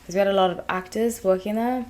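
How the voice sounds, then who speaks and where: A woman's voice: mid-range voice, steady tone, quick pace, darkish tone. A woman in her thirties from England and South Africa, hosting her channel and telling a long, digressive story in casual chat. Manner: chatty, digressive, many fillers. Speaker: tarot reader, channel host.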